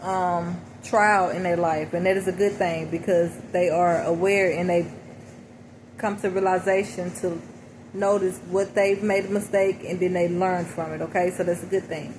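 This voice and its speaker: With a fairly low, fairly flat voice at a moderate pace, a woman reflects casually on song lyrics, explaining them to listeners as she reads aloud. She often asks "okay?" and says "you know" repeatedly, and background noise is noticeable.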